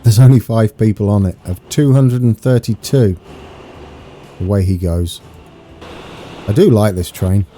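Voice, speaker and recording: Brief: British male streamer, lowish voice, very dark and mellow, eager and chatty over faint music. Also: a little slow, long pauses. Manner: excitable, chatty, talks to viewers. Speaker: game streamer. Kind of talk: live gameplay commentary.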